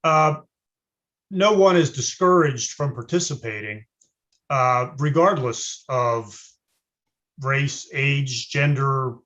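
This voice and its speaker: A man running for city office, answering questions over a video call in a measured, hesitant way with frequent uhs. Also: medium pitch, fairly bright tone, highs cut off. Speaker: city council candidate.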